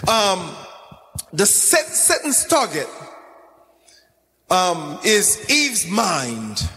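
A man's voice: sits high, sing-song, extremely slow, pauses often, pushed and bright, in a large hall, slight background noise. A man preaching a sermon in a sing-song, chanting style, repeating phrases as he goes.

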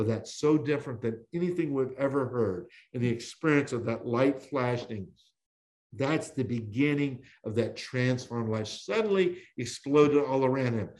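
A man teaching the Bible as a podcast guest, with an emphatic preaching cadence, slowing on key words and often restarting phrases. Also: mid-range voice.

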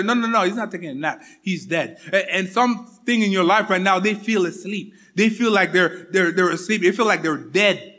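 A man preaching a sermon, repeating his points with emphasis and often dropping to a soft, intimate tone. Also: high-pitched, normal speed.

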